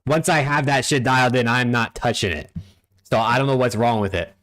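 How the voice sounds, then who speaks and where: Young male streamer, relaxed, swears a lot, chats with viewers on a desk mic at home. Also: medium pitch, a little fast. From United States. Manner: laid-back, profane, talks to chat and reads out usernames. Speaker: streamer hosting a watch party. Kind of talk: casual live-stream chat.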